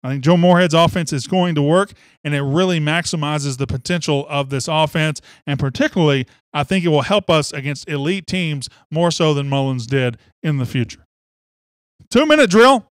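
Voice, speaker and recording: A man's voice: fairly high pitch, a little fast, dry recording, studio quality. A man hosting sports talk radio, fired up and opinionated, rambling from one take to the next.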